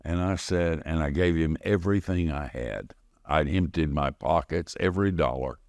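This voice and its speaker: A man's voice: very deep voice, moderate pace, no echo, studio quality. A man preaching a sermon, telling a personal story in a conversational way and answering his own questions. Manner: conversational storytelling, call-and-response. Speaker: pastor.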